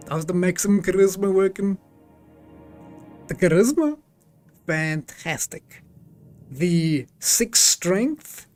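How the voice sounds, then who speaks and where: A man's voice: fairly high pitch, darkish tone. A man streaming a game live, chatting casually and reading its text aloud, laughing often.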